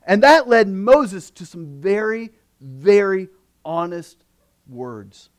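High-voiced male pastor preaching expressively. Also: slow. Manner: expressive preaching, swings between emphatic and hushed. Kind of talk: sermon.

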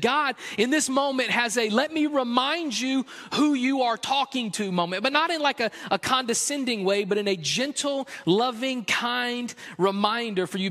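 A male pastor delivering a sermon in a large church. His voice sits high, and his delivery is earnest and chatty with a playful streak. A long reverb hangs behind him. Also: sharp tone. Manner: earnest and conversational, with a playful humor.

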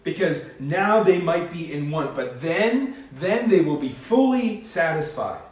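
A man's voice: on the high side, animated, measured pace. A male pastor preaching a sermon in an earnest, emphatic manner, with rising bursts. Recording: echoey hall, distant mic.

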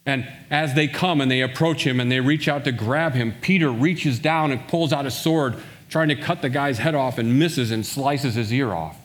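Man, pastor, sermon storytelling, mid-pitched voice, long hall reverb. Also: normal speed, few pauses. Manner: storytelling, acting out quoted lines.

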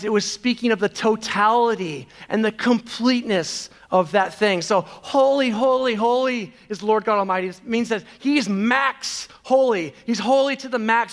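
A man's voice: sits high, a bit bright. A man preaching a sermon, earnest, with rhetorical questions. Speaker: pastor.

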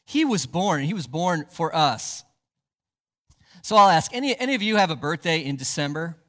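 A man's voice: a little high, sing-song, moderate pace, pushed and bright, in a large hall. A man, a pastor, preaching a sermon in a church sanctuary, emphatic and asking the congregation rhetorical questions.

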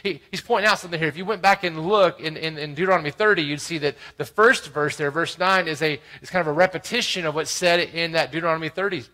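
A man preaching a sermon, explaining scripture verse by verse with frequent "right?" asides, swinging between loud emphasis and quiet asides. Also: a little high, quick pace, few pauses, poor audio. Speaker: pastor.

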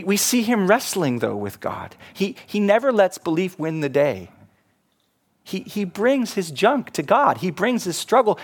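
A man preaching a sermon as pastor, animated, acting out quoted voices and laughing at himself. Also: high-pitched, breathy edge.

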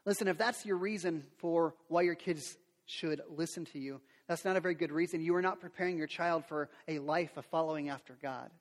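A middle-aged man preaching a sermon as a pastor, animated, acting out quotes and sound effects. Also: on the high side, a little fast, hardly any pauses. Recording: long reverb of a large hall.

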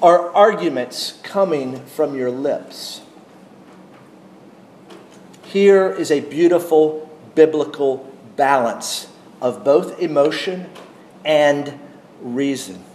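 Measured, emphatic preacher in an echoey room. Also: male voice, a little high, darkish tone, slight background noise. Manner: measured, emphatic delivery with deliberate pauses. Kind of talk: expository sermon.

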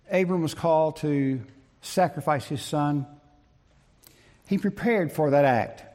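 A man preaching a sermon in an emphatic, deliberate way, repeating his key phrases, with a gravelly, husky voice. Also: fairly high pitch, a little mellow. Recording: long reverb of a large hall.

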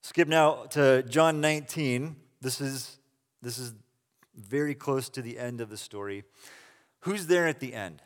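A man preaching a sermon, retelling scripture in a casual, animated way with quick asides. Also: medium pitch, long reverb tail. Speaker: pastor.

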